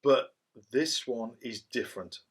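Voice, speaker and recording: A man's voice: medium pitch, animated, measured pace, a bit bright, breathy edge. A middle-aged man, chatting casually through a cider review and rambling as he goes. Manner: rambling, chatty, self-described waffler.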